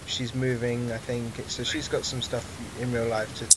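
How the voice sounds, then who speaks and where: A man co-hosting a casual gaming podcast, teasing the others and letting his sentences trail off quietly. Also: mid-range voice, monotone, moderate pace, noisy background. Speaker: podcast co-host.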